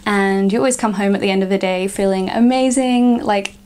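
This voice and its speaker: A woman's voice: mid-range voice, steady tone, brisk, darkish tone, clear, resonant tone. A young woman, chatting casually to camera in a vlog and filling her sentences with "like". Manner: chatty, frequent "like" fillers. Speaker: vlogger.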